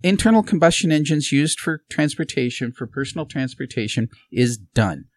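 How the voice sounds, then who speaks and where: Lively, expressive man with a dry, close sound. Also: medium pitch, normal speed, no room sound. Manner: lively storyteller who acts out quotes. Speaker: guest, former political candidate. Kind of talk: animated podcast conversation.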